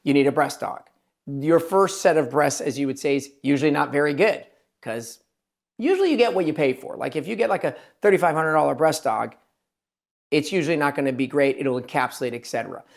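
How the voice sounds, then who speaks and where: A man's voice: on the high side, expressive, vocal fry. Rambling, emphatic man hosting a chat. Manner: rambling, emphatic, quotes patients in quick asides. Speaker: plastic surgeon hosting a podcast. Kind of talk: casual interview chat.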